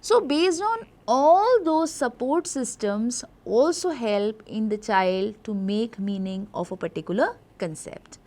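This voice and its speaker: Woman lecturing, higher voice. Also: lively intonation, a little slow, few pauses, mellow. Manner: explanatory, repeats "you know" and "uh", stresses words by doubling. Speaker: teacher educator. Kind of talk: lecture to trainee teachers.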